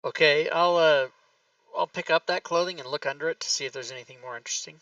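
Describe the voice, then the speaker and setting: A man's voice: on the high side, fast, bright, forceful tone, no echo, far from the mic, lo-fi sound. A man chatting casually as a player in an online tabletop game, making offhand jokes. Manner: joking, offhand remarks.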